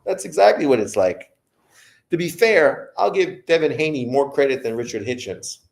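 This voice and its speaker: A man's voice: on the high side, animated, moderate pace, creaky, roomy sound. A man hosting a boxing livestream who rants in profane commentary. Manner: profane, ranting. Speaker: boxing show host.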